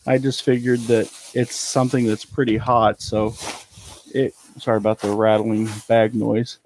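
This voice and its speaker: A man's voice: on the low side, little pitch movement, normal speed, a little mellow. Chatty man showing off his thrift haul. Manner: chatty, rambling, trails off with ums. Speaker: eBay reseller showing a haul. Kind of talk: casual live haul chat. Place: cluttered storage room indoors.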